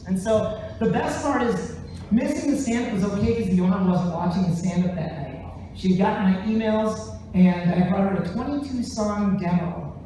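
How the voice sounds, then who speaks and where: Animated male comic in an echoey theater. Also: high voice, moderate pace, a little hiss or hum. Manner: animated, jumps into voices. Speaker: stand-up comedian and musician. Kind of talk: stand-up storytelling. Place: large theater stage, live show. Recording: very echoey theater, distant mic.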